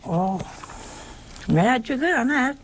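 A woman preaching a sermon in an animated way, with many rhetorical questions and little acted-out exchanges. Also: sits high, measured pace, a little hiss or hum.

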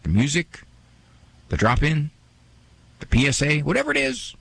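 A man's voice: a little high, huge pitch swings, normal speed, vocal fry, fairly bright tone, breathy edge. A man hosting a radio talk show, chatting in a joking, self-mocking way and acting out little quoted asides. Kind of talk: casual radio monologue.

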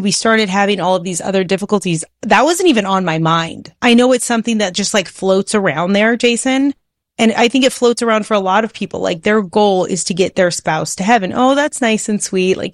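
Woman, podcast co-host, heartfelt and emphatic, mid-pitch, dry close sound. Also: no echo. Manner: heartfelt, emphatic, rushes ahead at times. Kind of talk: faith-based podcast conversation.

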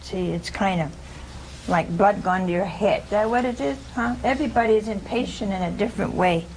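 A woman's voice: mid-range voice, a little fast, a little mellow, poor audio. A woman delivers a casual sermon, talking with her listeners rather than at them. She keeps putting questions to them and chuckles often. A light hiss sits behind her voice. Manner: acts out quoted speech. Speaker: religious teacher. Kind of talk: informal sermon with audience questions.

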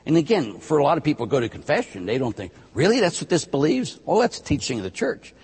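A man's voice: a little high, fast, breathy edge. Priest guy explaining stuff on a talk show, voice jumps all over, lots of echo. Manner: animated, emphatic, acts out penitents' lines. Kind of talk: casual teaching on a talk show. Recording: long hall reverb.

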